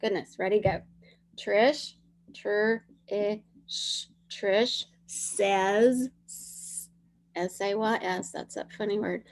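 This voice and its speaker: A woman's voice: medium pitch, fairly even intonation, drawn-out words. A woman teacher leading young children through a dictation lesson, sounding out words and spelling them letter by letter.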